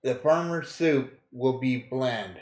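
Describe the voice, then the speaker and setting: A man's voice: medium pitch, lively intonation, slow, darkish tone, reverberant. A man casually commenting on a video game he plays, joking crudely, laughing often and reading game text aloud. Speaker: gaming streamer. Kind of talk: casual let's-play commentary.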